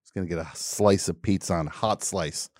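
A man's voice: sits low, fairly even intonation, fairly quick, darkish tone, no echo, studio quality. A man hosting a call-in radio show, telling a comic story in an exasperated, grumbling rant full of mock outrage.

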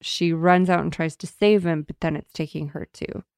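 A woman recapping a book in casual chat, sarcastic and quick to act out the characters in little voices. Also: low-pitched, steady tone, a little mellow, clear, resonant tone, no room sound, clean studio sound. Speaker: book discussion co-host.

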